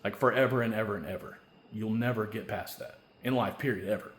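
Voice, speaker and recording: A man delivering a rambling, angry, profane solo rant, now and then building to loud shouting. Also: fairly low pitch, fast talker, a little hiss or hum. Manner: angry, profane, repeats a stock filler question. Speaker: vlogger. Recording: echoey room.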